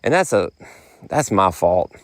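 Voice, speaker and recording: A man's voice: low-pitched, very animated, unhurried, no echo, studio quality. Folksy man telling a story. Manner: rambling storytelling, folksy phrasing. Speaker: podcast host. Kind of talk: casual monologue.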